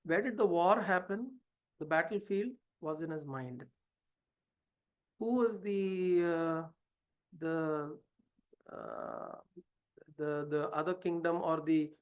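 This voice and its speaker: A spiritual teacher unpacks a scripture passage by telling a story, speaking slowly and expressively at a medium pitch with long pauses. He sounds hesitant at times, using fillers and restarts, and poses many rhetorical questions.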